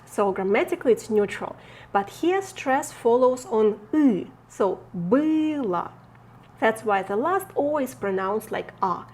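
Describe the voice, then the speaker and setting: A woman with a Russian accent teaching a language lesson, speaking slowly and carefully and repeating example words. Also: fairly high pitch, expressive, darkish tone, breathy edge.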